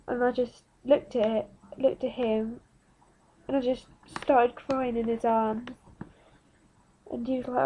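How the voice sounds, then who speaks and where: A woman's voice: fairly high pitch, little pitch movement, lo-fi sound, a little hiss or hum. A nineteen-year-old woman telling her own story frankly to camera in a vlog. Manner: frank, plain-spoken, slow and unhurried. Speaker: vlogger. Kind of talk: candid personal story to camera.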